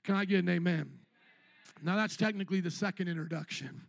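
A man preaching a lively sermon as pastor in a church, playfully acting out churchgoers and rising to shouts. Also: sits high, brisk, gravelly, dry recording. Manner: animated preaching, acting out church members in put-on voices, shouting at peaks.

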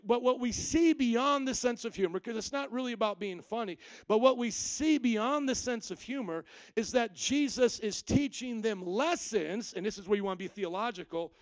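Man, pastor, sermon, high-pitched, dry sound, playful storyteller. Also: no echo. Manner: animated storytelling, acting out quoted lines with humor. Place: church service.

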